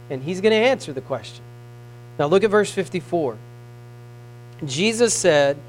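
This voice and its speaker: A man with a high voice preaches a sermon. He reads scripture in old biblical wording and moves between emphatic swells and quiet passages. A faint mains hum sits under the recording. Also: lively intonation, normal speed, low-quality recording. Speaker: pastor.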